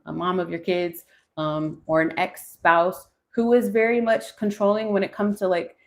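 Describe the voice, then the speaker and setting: A woman in her forties doing a live tarot reading, musing aloud as she turns the cards and talks to viewers. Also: on the low side. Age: 40s. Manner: musing, thinking aloud between card pulls. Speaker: tarot reader.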